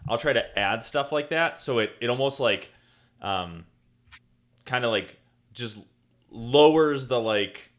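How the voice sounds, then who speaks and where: A man's voice: mid-range voice, slow pace, long pauses. Easygoing male co-host, mid-range voice, casual and conversational. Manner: relaxed, many fillers and agreeing yeahs. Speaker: podcast co-host, dentist. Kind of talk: casual interview talk.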